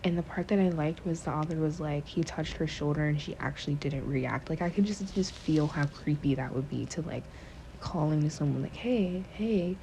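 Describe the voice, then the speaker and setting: Give me a woman host retelling a book in a loose, swearing, rambling way, with a warm low voice. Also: a little fast, vocal fry, slight background noise. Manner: rambling, profane, many fillers. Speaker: podcast host. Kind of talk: casual storytelling, retelling a book.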